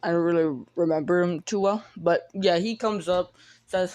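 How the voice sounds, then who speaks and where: A woman's voice: on the low side, moderate pace, darkish tone. A woman casually retelling a fan story, rambling and stumbling over her words with lots of restarts and some offhand swearing.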